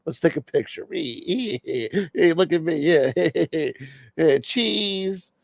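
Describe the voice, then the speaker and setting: A man's voice: on the high side, animated, takes it slowly, vocal fry, no room sound, lo-fi sound, pitched above the performer's own voice, heavily acted. A man doing a comedic impression of a grumpy, defensive middle-aged movie star. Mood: grumbling, defensive. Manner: defensive, grumbling.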